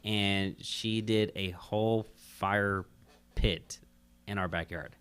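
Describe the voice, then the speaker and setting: Low-voiced man hosting, halting speech. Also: steady tone, fairly bright tone, smooth. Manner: halting, restarts often. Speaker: podcast host. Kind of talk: casual podcast chat.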